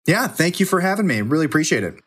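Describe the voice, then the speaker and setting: A man's voice: a little high, sing-song, rapid-fire, a bit bright, breathy edge. A man who works as a TV news reporter, a guest on a remote call, talking casually and hesitantly with many restarts. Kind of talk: casual interview. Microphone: remote connection.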